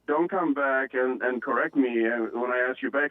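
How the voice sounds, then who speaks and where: A male caller whose first language is not English, talking in a halting way with many restarts. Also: medium pitch. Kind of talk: casual chat on a phone call. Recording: tinny phone line.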